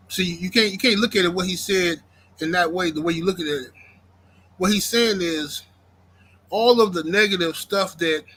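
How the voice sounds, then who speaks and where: Bright-voiced man ranting on a livestream. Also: high voice, breathy edge, low-quality recording. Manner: ranting, repeats himself, reads chat aloud. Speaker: YouTube livestream host. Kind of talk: casual livestream rant.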